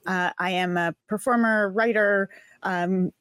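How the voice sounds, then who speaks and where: A woman's voice: medium pitch, fairly even intonation, a little slow, fairly bright tone, smooth, no room sound, clean studio sound. A woman introducing herself as a tabletop game player in a wry, upbeat way. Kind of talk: casual self-introduction.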